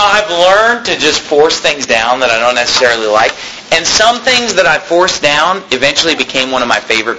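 A man's voice: a little high, bright, forceful tone, a little hiss or hum, poor audio. A man preaching a sermon to a church congregation, chatty and joking as he goes. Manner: conversational preaching with humorous asides and chuckles. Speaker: pastor. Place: church hall.

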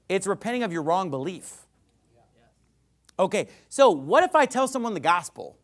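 A man's voice: extremely high pitch, animated, normal speed. A male pastor preaching a sermon, acting out imagined speakers as he teaches.

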